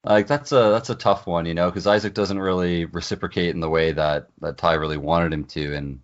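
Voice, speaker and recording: A man's voice: deep voice, fairly even intonation, a little fast, lo-fi sound. A man co-hosting a podcast, chatting casually and enthusiastically, retelling scenes with lots of fillers. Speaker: podcast co-host. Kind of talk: casual chat.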